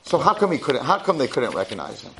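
A man, a rabbi, giving a Torah lecture with animated storytelling and acted-out voices. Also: mid-range voice, quick pace, background noise. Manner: animated, acts out voices in stories. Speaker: rabbi and high school head.

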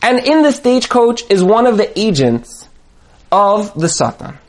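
A man giving a sermon on marriage, telling parables dramatically and building to emphatic, near-shouted points. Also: sits high, sing-song, measured pace. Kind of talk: sermon with storytelling.

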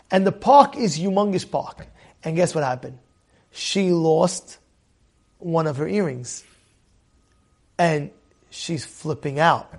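A man giving a religious lesson with stories, animated and repetitive, asking his listeners rhetorical questions and swinging from loud to hushed. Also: high-pitched.

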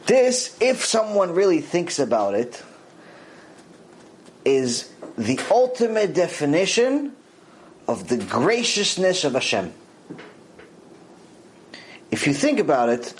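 A man giving a lively religious lecture as a Torah teacher, repeating phrases for emphasis and acting out quotes. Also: on the high side, measured pace, long pauses, poor audio.

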